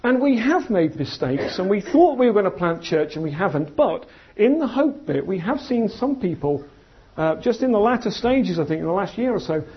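A man preaching a sermon in an animated, conversational storytelling manner. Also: high voice, normal speed, slightly rough. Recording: dull lo-fi sound.

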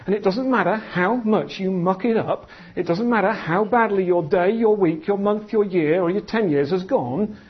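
A man preaching a sermon in an animated, conversational storytelling manner. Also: sits high, slightly rough. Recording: dull lo-fi sound.

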